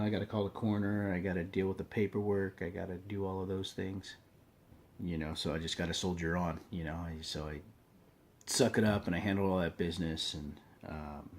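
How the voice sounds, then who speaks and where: A man telling a personal story in a loose, earnest, conversational way, often saying "you know" and "man". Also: deep voice. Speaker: storyteller sharing personal testimony. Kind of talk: casual spoken storytelling.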